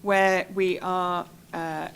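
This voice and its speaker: A woman's voice: lowish voice, level tone, drawn-out words, gravelly, a little hiss or hum. A woman, a trade representative giving a careful, explanatory answer on a conference panel. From United Kingdom.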